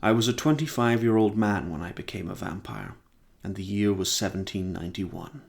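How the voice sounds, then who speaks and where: A man voicing a calm, gentle male vampire centuries old, soft and measured, in a casual novel reading. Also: sits low, vocal fry.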